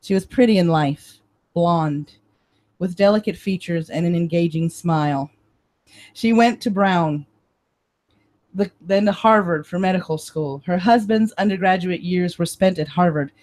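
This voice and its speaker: A woman hosting a live stream, reading a novel aloud in steady, measured first-person narration. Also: lowish voice. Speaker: reader and stream host.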